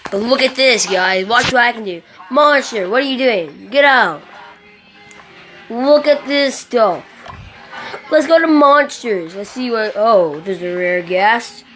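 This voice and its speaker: Woman, mobile game commentary, rambling and excitable, swears constantly, unhurried pace, game music behind. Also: a little high. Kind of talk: casual gameplay commentary. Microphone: phone microphone during screen recording.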